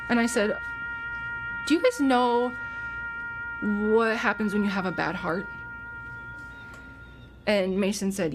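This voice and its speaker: A woman in her thirties, widow of a veteran, recounting painful family moments in a halting, emotional interview. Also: medium pitch, a little hiss or hum. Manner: tearful, halting, retelling conversations.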